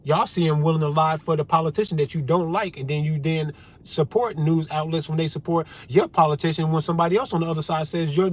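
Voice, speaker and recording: Brief: male commentary vlogger, somewhat high-pitched, angry profane rant aimed at the audience. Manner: fired-up, swearing, talks straight to viewers.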